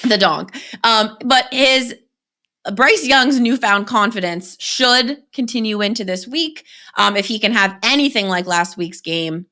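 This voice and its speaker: A young woman co-hosting a fantasy football podcast, animated and giggly, slipping into silly voices as she jokes. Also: fairly high pitch, a little slow. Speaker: podcast co-host. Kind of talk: casual chat.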